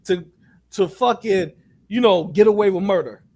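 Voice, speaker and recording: In a casual chat, a high-voiced male co-host speaks bluntly and profanely at a moderate pace. He gets animated, mockingly acting out what other people said.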